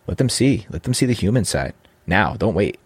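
A man's voice: lowish voice, big pitch swings, a little fast, slightly rough, no echo. A man in his thirties, a podcast host, earnestly telling a personal story about fatherhood with frequent restarts.

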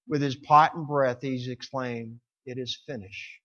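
A man preaching a sermon with passion, swelling to loud emphatic peaks and dropping low, sometimes stumbling over words. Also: steady tone, a little slow, dull audio.

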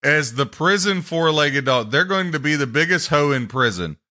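A man hosting a sports podcast, ranting and mocking teams and players in a loud, heated way. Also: on the high side, expressive, moderate pace. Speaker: podcast host.

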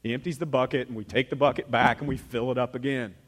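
A pastor preaching a sermon in a church, talking to the congregation in a conversational way that swings from loud emphasis to quiet asides. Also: male voice, mid-range voice, steady tone, quick pace, slightly rough. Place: church sanctuary.

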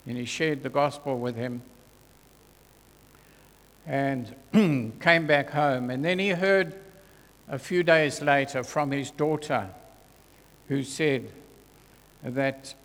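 A man preaches at a slow, measured pace, his voice carrying a long reverb through a church hall. He sounds earnest and deliberate, and he goes quiet and gentle whenever he quotes scripture. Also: mid-range voice. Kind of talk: sermon.

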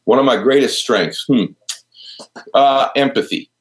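A deep-voiced man in his fifties, an entrepreneur and speaker, talking earnestly and openly about his vulnerabilities in an interview. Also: a little slow. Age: 50s. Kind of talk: candid interview conversation.

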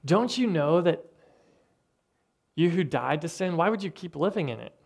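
A man preaching a sermon with earnest, conversational delivery and thoughtful pauses. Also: a little high, expressive, vocal fry, darkish tone, breathy edge. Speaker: pastor.

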